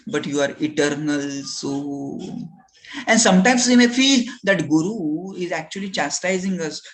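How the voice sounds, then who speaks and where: A man leading a scripture class, talking slowly and earnestly as he explains a spiritual lesson. His voice sits high for a man, and he keeps checking in with his listeners as he goes. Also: rough recording. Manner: earnest, repetitive with rhetorical "right?". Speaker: spiritual teacher.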